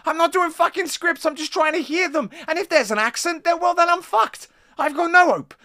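A reaction video host giving hyper, rambling commentary, swearing constantly and bubbling with excitement. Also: very high-pitched, a little fast, no echo, studio quality.

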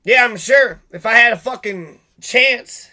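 A man's voice: extremely high pitch, measured pace, bright, forceful tone. A man venting in a profane, sarcastic, rambling monologue, swearing often and mocking the people he is angry at. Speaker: vlogger.

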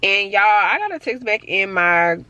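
A woman's voice: medium pitch, sing-song, normal speed, sharp tone, lo-fi sound. Young woman from the bronx vlogging, super chatty, keeps saying y'all, voice jumps all over. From Bronx, New York City. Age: 20s. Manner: chatty, talks straight to viewers with lots of "y'all". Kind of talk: casual vlog narration. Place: store, then car and home at night.

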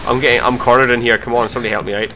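A young man giving live commentary over his own gameplay, swearing and mocking himself between sudden excited outbursts. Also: medium pitch, rapid-fire, a little hiss or hum. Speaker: gaming commentator.

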